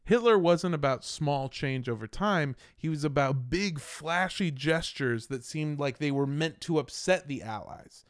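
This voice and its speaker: An American man narrates history on a casual comedy podcast, throwing in crude jokes and asides. His voice is smooth and resonant, sitting a little high. The recording is dry and close. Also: lively intonation, a little slow, few pauses, dry recording. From United States. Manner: irreverent, swearing, jokey asides while narrating.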